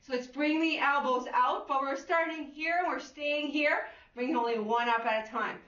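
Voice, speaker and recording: A woman fitness instructor with a high, bright voice cues an exercise class in an unhurried, upbeat way, counting reps and whooping. She is heard from a distance in an echoey room, on a dull lo-fi recording. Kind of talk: guided exercise class cueing.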